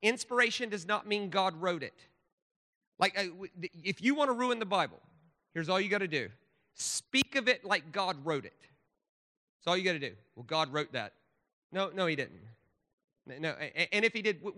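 High, bright-voiced preacher in an echoing hall. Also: male voice, animated, moderate pace. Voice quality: emphatic, with lots of stammered restarts. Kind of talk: sermon.

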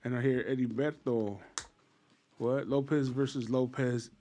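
A man's voice: medium pitch, steady tone, a little slow, mellow, slight background noise. A young adult man co-hosting a podcast, laid-back and slangy, swearing casually as he chats. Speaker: podcast co-host. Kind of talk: casual chat.

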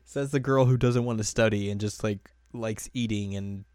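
A man's voice: on the low side, steady tone, unhurried, a little mellow, smooth, no room sound. A man co-hosting a casual chat, dry and teasing, often laughing. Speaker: podcast co-host.

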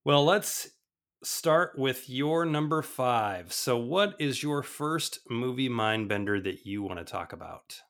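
A man's voice: mid-range voice, slow. A man co-hosting a podcast, chatting casually about movies and leading the segments. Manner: relaxed, conversational, leads the segment. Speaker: podcast co-host.

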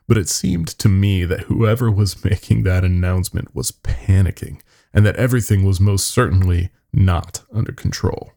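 Deep gravelly man narrating horror. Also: dark tone. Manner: grim, wry. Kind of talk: first-person horror story narration.

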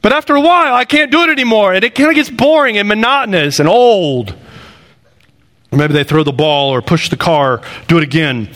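A man in his thirties delivers a sermon with a fairly high voice. His talk is conversational and full of repetition. He swings between loud, climbing bursts and low, hushed lines. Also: fairly quick. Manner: animated, rising to loud bursts then dropping low and quiet; conversational preaching with repeated phrases. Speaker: pastor.

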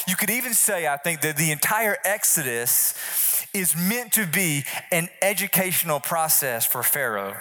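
Male pastor preaching casually, high and bright voice, loose and repetitive delivery. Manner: conversational, repeats and restarts phrases. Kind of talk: sermon.

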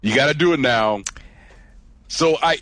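A man's voice: mid-range voice, a little slow, fairly bright tone, dry recording. A man co-hosting a casual podcast chat, hesitant and curious, often restarting his sentences. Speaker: podcast co-host.

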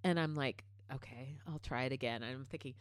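A middle-aged woman with a notably low voice tells stories in a loose, chatty way. She fills her talk with "like" and "um" and swears freely. The recording is dry and close, with no room around it. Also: brisk, no echo. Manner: animated storyteller, swears freely, many fillers. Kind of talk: casual chat.

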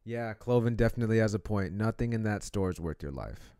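A man's voice: on the low side, a little fast, smooth, no echo, clean studio sound. A man hosting a live streamed podcast in casual chat, loose and slangy, talking to a microphone. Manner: loose, animated, slangy, swears.

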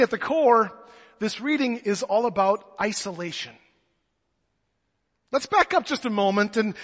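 Male preacher, high and expressive, joking storyteller; long reverb from the church. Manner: animated storyteller who jokes. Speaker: pastor. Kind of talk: sermon.

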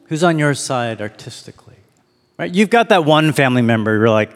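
A man preaching a sermon as pastor, reflective, slowing down to read and linger on lines. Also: fairly high pitch, big pitch swings, in a large hall.

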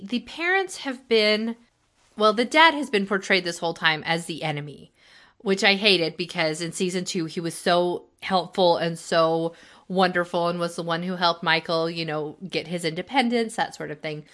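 A woman with a bright, forceful voice chats casually as a co-host. She often restarts her sentences and slips into quoted lines of dialogue. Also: fairly low pitch. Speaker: podcast co-host. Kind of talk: casual chat recapping a TV show.

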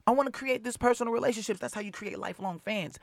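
A young adult man talks in a relaxed, slang-heavy interview voice, recorded close and dry with little room sound. He tells stories with energy and jumps into other people's voices as he goes. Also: sits high, fast, gravelly, no echo. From Seattle area. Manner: animated storyteller who acts out quoted voices, heavy slang and profanity. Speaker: rapper, interview guest. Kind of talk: casual interview chat.

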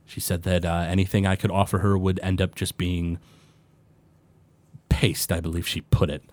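A man voicing a formal male military commander, speaking in a measured, halting way. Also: sits low, level tone, darkish tone, lightly acted.

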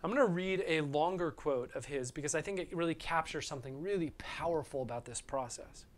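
Male pastor, higher voice, earnest sermon delivery, keeps checking in with listeners, sometimes sinks to a near whisper. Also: fairly quick, hardly any pauses. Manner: earnest, often adds "right?" as a check-in.

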